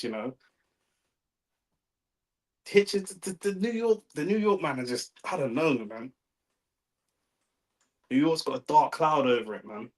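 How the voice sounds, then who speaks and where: A mid-range, fairly bright male voice comes through a low-quality recording. It belongs to a young Londoner hosting a live fight watch-along, who chats laid-back in slang, swears, and reads the chat aloud.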